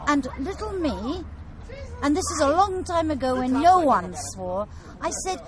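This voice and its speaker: A woman's voice: high voice, animated, measured pace, music in the background, rough recording. A woman with an upper-class English accent, chatting as a podcast guest and telling prim stories that she laces with swearing. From England. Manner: prim, posh storyteller who swears freely. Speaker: comedian guest. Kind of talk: casual podcast chat.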